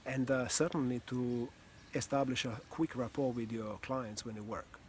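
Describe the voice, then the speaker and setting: A man teaching about communication in a casual, animated way, often easing into a soft, low near-whisper. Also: normal speed, slight background noise. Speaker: communication coach.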